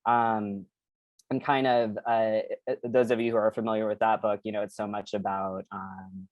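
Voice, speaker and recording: An author reading their novel aloud at a bookstore event, then talking about writing it in a halting way with many fillers. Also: male voice, on the low side, little pitch movement, no echo, lo-fi sound.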